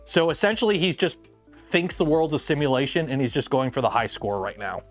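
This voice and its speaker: Guy streaming, kinda high voice, rambles n chats while he tinkers, little bit of music way in the back. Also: a little fast. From Canada. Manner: rambling, chatty, tangents while working. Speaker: livestream host. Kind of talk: casual livestream chat.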